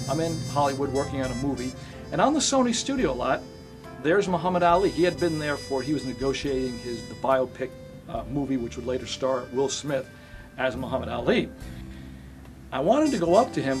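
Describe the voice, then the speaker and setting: An older man, an actor and acting teacher, tells animated stories in a monologue and turns quiet and reflective at times. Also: medium pitch, gravelly. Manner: animated storyteller who acts out scenes, turning quiet and reflective. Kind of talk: storytelling monologue for an actor's slate.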